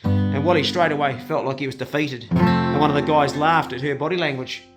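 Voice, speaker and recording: A man's voice: a little high, a little fast, loud music behind the voice. A man with an Australian accent telling a casual, rambling yarn in a colloquial, laid-back way. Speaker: storyteller.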